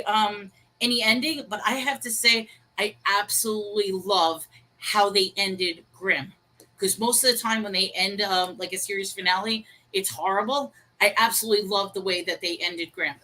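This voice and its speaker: Her voice sits at medium pitch, bright and forceful, and the audio quality is poor. She's co-hosting a relaxed livestream chat, joking about how she pronounces things, reading out comments from the chat, and saying hello to viewers.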